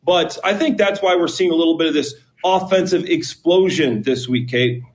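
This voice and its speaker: High-voiced man talking football. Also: moderate pace. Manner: animated storytelling, pitch jumps when emphasizing. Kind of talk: casual sports talk.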